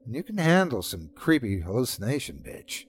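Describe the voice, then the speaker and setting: Man as a loyal easygoing buddy, slangy, reassuring, animated pitch. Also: normal speed, husky. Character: laid-back, loyal young male best friend.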